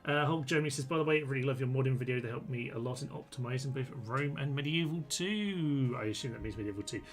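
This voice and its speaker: A man's voice: mid-range voice, quick pace, faint music behind. A man commenting on a live-streamed strategy game, chatty and full of ums as he reads out and answers viewers' chat comments.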